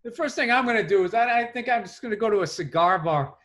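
High, bright-voiced man ranting casually. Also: expressive, fast. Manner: profane, ranting, exasperated. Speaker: podcast co-host. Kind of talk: casual chat.

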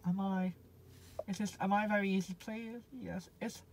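A man's voice: high voice, fairly even intonation, normal speed, low-quality recording. A man reviewing a car from inside it, talking in a chatty, rambling way and often cutting himself off mid-sentence. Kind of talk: casual car review vlog.

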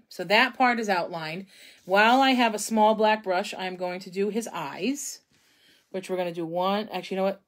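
Chatty woman teaching a painting craft. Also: medium pitch. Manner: chatty and self-deprecating, thinks aloud while painting. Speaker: craft instructor. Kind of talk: casual painting tutorial.

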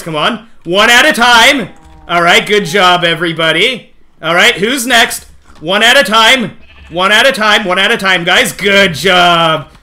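A man streaming a game live, talking excitedly to his chat and coaxing the animals along, often shouting and laughing. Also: high-pitched. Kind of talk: excited live gameplay commentary.

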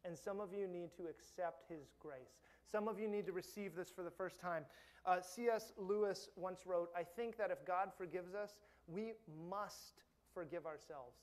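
A man's voice: high-pitched, moderate pace. Man preaching an earnest sermon. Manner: earnest, emphatic preaching that drops soft for key points. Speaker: pastor.

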